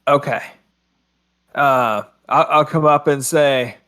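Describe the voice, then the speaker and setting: A man's voice: mid-range voice, slow, bright, forceful tone, smooth. A man playing in an online tabletop game, chatting casually and eagerly. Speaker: player. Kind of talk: casual chat.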